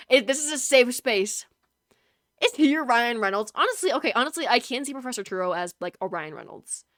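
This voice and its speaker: A woman's voice: on the high side, fairly bright tone, no echo, studio quality. A woman streaming a video game, chatting casually with her viewers, teasing and laughing often.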